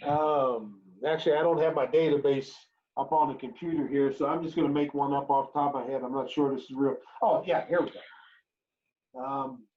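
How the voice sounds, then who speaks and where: In a recorded online lecture, a man teaches introductory chemistry from home or a classroom during remote teaching, repeating key phrases and asking "right?" as he works through examples. His medium-pitched voice is fairly even and a little fast, captured in a dull, lo-fi recording.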